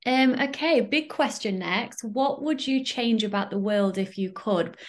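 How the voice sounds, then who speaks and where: A woman's voice: fairly high pitch, unhurried. Woman, podcast host and coach, casual chat, laughs often.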